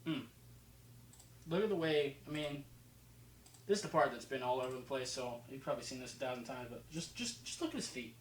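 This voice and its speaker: A man's voice: mid-range voice, animated, brisk, pauses often, roomy sound, a little hiss or hum, poor audio. A man from New Jersey with a slight New Jersey accent, casually talking over football game film, rambling with fillers and restarts. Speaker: football film breakdown host.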